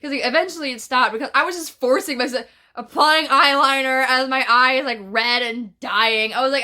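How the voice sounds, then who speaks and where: A woman's voice: high-pitched, moderate pace, pushed and bright. A young woman telling a rambling storytime at home, swearing casually and filling her talk with "like" and "bruh". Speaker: vlogger. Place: at home, indoors.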